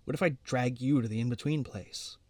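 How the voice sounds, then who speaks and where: A man's voice: mid-range voice, brisk, darkish tone, no echo, lightly acted. A man reading aloud gives us a brooding teenage boy in a storybook, pressing his point with urgent pleading. His voice sits mid-range, recorded dry and close.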